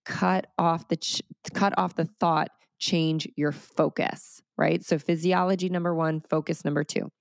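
A woman in her thirties talks through her podcast with energetic, animated storytelling. Her voice sits a little low. It is recorded close and dry, with no room sound. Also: measured pace, vocal fry, hardly any pauses, no room sound. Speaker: podcast host. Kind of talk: solo podcast talk.

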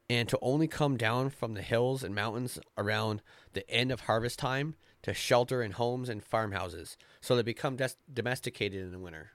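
A man hosting a casual podcast, reading folk tales aloud slowly with frequent fillers and stumbles and the odd curse. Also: medium pitch, no room sound. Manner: slow, stumbling read-aloud with filler and cursing. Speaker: podcast host. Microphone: close podcast mic.

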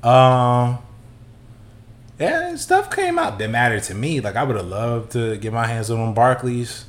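A man co-hosting a casual podcast, laid-back and quick to laugh. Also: mid-range voice, big pitch swings. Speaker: podcast co-host. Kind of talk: casual chat.

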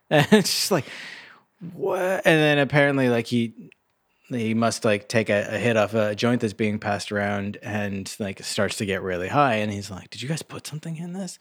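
A man's voice: fairly low pitch, fairly even intonation, normal speed, dry recording, clean studio sound. A man co-hosting a podcast, chatting casually about a movie with emphatic joking asides. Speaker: podcast co-host. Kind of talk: casual movie review chat.

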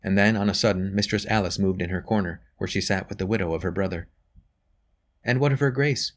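A male narrator with a very low, deep voice reads a novel aloud. His delivery is steady and even, in the manner of a scripted audiobook. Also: quick pace.

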